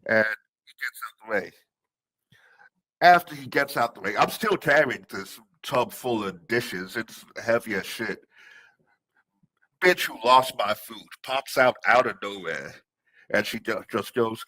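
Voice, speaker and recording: A man guesting on a comedy podcast, telling a story in an animated, casual way, often laughing mid-sentence and stumbling into restarts. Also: mid-range voice, unhurried, no echo. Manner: animated, often laughing through his words, stammering restarts.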